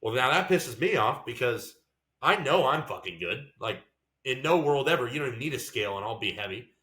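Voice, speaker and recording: A man's voice: mid-range voice, animated, fairly quick, a bit bright, roomy sound. A man co-hosting a podcast, ranting in a heated, profane way about how things were handled. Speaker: podcast co-host and racing driver. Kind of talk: casual podcast chat.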